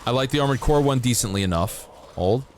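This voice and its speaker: A man livestreams gameplay, talking to his chat in a rambling, playful, casual way. His mid-range voice has lively intonation, a quick pace, and a darkish tone, with a little hiss or hum in the recording.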